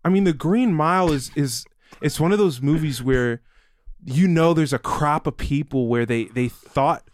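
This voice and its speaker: A man co-hosting a podcast in casual chat, rambling and animated, acting out quoted people in a raised voice. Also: a little high, normal speed. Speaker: podcast co-host. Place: New York City studio.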